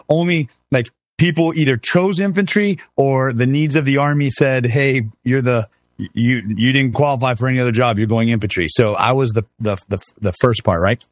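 A man in his fifties tells his stories as a guest in a lively, conversational way, throwing his voice up and down to play the people he quotes. His pitch sits in the middle for a man, and the sound is close and dry with no room echo. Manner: animated, acts out quoted voices with big pitch swings. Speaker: guest, army veteran. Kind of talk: casual storytelling in a conversation.

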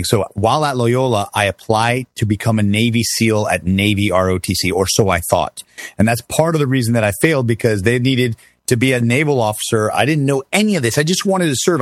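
A middle-aged man telling his army stories as an interview guest, animated, acting out the voices he quotes and laughing often. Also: mid-range voice, a little fast, dry recording, clean studio sound. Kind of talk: casual storytelling interview.

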